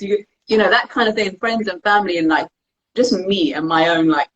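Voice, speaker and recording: A young woman chats candidly as an interview guest. She acts out her own past thoughts in quoted lines. Her voice sits at a middling pitch, and the recording sounds dull and lo-fi. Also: brisk, fairly bright tone. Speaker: interview guest, dance practitioner. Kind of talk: casual conversation.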